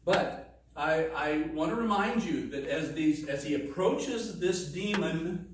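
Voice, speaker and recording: A man's voice: a little high, lively intonation, slow pace. A man preaching a sermon in a conversational teaching manner, with asides and restarts. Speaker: pastor. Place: church sanctuary. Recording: echoey room, distant mic, faint noise.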